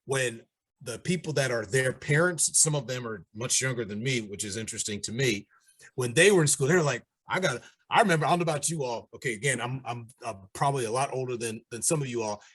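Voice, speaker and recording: Man, middle-aged, husky, panel discussion, animated anecdotes. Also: mid-range voice, quick pace. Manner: animated storytelling, acting out quoted voices.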